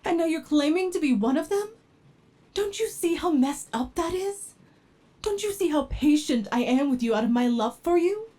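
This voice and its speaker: A woman voicing an obsessive, devoted android with an unstable temper in a whispered role-play, talking softly and pleading, sometimes flaring into anger. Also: a little high, slow, pauses often. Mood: indignant. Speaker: ASMR role-play performer.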